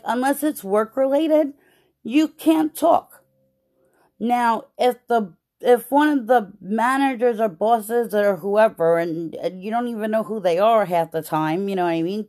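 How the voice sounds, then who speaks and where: A woman podcast host venting about her job in a casual, profane, animated way, with many "like"s. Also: mid-range voice. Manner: profane, animated storytelling with lots of "like".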